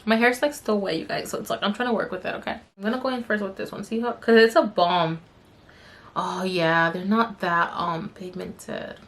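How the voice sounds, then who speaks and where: A woman's voice: medium pitch, steady tone, moderate pace, a bit bright. A young adult woman vlogger telling a story in a chatty, rambling way with many fillers while doing her makeup. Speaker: beauty vlogger.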